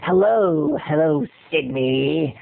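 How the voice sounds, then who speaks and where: A man voicing a menacing horror-movie phone caller who taunts slowly and creepily. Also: a little high, expressive, gravelly, voice pushed down, full character voice. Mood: creepy. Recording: tinny lo-fi phone-like audio.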